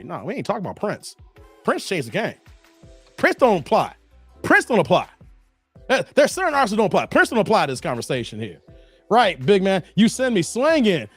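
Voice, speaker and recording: Animated man with a lively high voice. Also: breathy edge. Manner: animated, breaks into snatches of song, laughs often. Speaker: host reading live chat. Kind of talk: casual livestream commentary.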